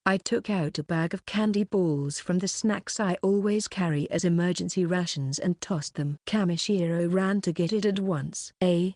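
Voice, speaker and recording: A woman narrating an audiobook in a steady, even read. Her voice sits on the low side, and the recording is dry and close, with no room sound. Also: moderate pace, few pauses, no room sound. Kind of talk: scripted narration.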